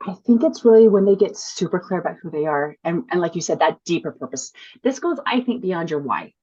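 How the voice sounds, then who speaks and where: A woman guest who coaches speakers talks enthusiastically and quickly in a casual conversation. Her voice is a little husky, and the audio sounds slightly muffled and dull. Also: on the low side, animated, dark tone. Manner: enthusiastic, fast, laughs easily.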